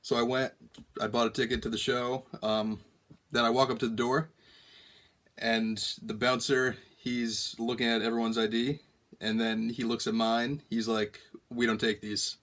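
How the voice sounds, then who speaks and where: A young man telling a long story on a prank call in a halting, deadpan way, full of ums and restarts. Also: mid-range voice. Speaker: prank caller.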